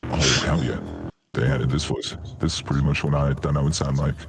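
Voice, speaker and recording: A man playing a gruff goliath barbarian through a deep voice-changer filter during an online tabletop game. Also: little pitch movement, fairly quick. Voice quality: gravelly, booming. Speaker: player. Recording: filter hum and noise behind.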